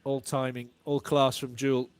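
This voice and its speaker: A man giving live cricket commentary and analysis in a relaxed way, warm in praise of good shots. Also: medium pitch, moderate pace, clear, resonant tone, dry recording.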